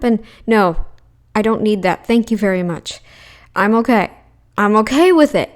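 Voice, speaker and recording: A woman's voice: mid-range voice, normal speed. A woman hosting a reaction commentary, blunt and argumentative, often mocking the people she reacts to. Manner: puts on mocking voices when quoting others. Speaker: commentary channel host.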